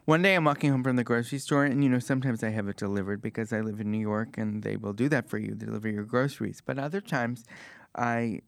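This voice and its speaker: A man in his twenties telling a comic story as a stand-up comedian, animated and self-mocking, with sudden jumps in pitch. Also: quick pace, gravelly. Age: 20s.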